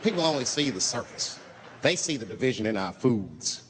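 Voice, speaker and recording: A man's voice: mid-range voice, big pitch swings, normal speed, very noisy. A man performing a stand-up routine on a comedy stage, telling stories animatedly and jumping into character voices. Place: comedy stage before a live audience.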